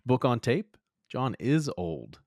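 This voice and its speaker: A man's voice: mid-range voice, very animated, slow pace, a little mellow, dry recording, studio quality. A man co-hosting a podcast in casual chat, laid-back and opinionated, swearing now and then. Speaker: podcast co-host. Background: chickens.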